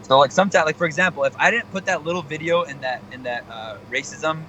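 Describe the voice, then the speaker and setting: A young male comedian chatting as a radio guest, animated and motivational in tone. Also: on the high side, fast talker, highs cut off, slight background noise. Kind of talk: casual radio interview chat.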